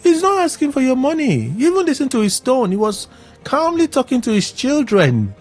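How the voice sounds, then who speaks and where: A man hosting a radio show, recapping in an animated, exclaiming way. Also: very high voice, brisk, soft background music. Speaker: radio host. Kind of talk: casual radio commentary.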